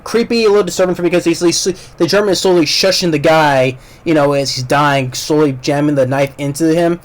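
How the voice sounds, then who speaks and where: A man's voice: on the high side, brisk. Man rambling through a casual movie review. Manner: rambling plot retelling with many fillers and restarts.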